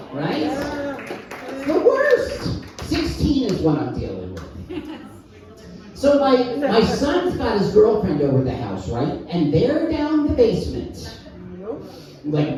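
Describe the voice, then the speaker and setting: Middle-aged man doing stand-up, wildly swooping voice. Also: high voice. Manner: one-liners with crowd work. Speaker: stand-up comedian. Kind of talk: stand-up comedy set. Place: live comedy club. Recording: echoey room, mic heard from a distance.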